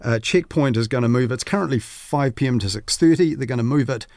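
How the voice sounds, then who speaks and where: A man's voice: medium pitch, a little fast, a little mellow, no echo. Chatty man on studio radio. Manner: chatty, rambling with fillers and restarts. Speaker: media commentator. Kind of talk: casual radio chat. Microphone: studio mic.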